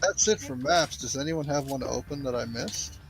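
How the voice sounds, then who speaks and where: A man's voice: mid-range voice, normal speed, poor audio. A man joking around sarcastically with friends during a game session. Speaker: player in group chat. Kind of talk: casual gaming chat. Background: game music.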